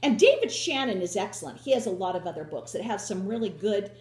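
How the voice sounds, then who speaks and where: A woman's voice: mid-range voice, lively intonation, fast talker, a little mellow, roomy sound. A woman hosting a casual home chat, rambling with many restarts and drifting back with "so anyway". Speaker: host.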